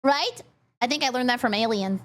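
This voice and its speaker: A woman's voice: fairly high pitch, animated, brisk. A young adult woman streamer giving giggly, joking commentary while reacting to a video. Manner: bubbly, giggly, jokey asides.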